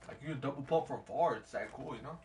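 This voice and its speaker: A man streaming a game from home at night, talking in slang, getting excited and yelling trash talk at the game. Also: medium pitch, fast. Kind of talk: casual gameplay commentary. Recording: distant mic with steady background noise.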